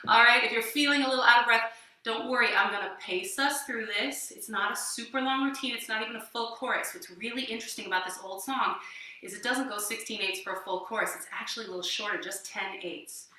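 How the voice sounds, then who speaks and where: A woman's voice: a little high, sharp tone. Woman dance teacher, echoey and distant. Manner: counts and scats rhythms aloud while dancing; encouraging, chatty teaching. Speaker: dance instructor. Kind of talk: livestreamed dance lesson. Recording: echoey room, voice from off-mic.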